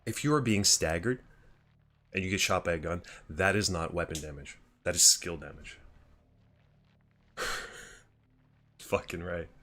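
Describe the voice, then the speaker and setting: A man with a low, fairly bright voice streams a game live, talking a little slowly and leaving long pauses. He chats casually with his viewers, swears freely, and rambles through his thoughts as he comments on the gameplay.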